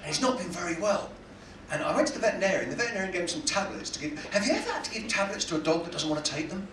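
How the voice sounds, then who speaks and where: In a cruise ship cabaret room, a man with a high, sing-song voice races through a stand-up set at very fast speed, landing punchlines and acting out quotes. The recording is echoey, with a distant mic and loud audience noise.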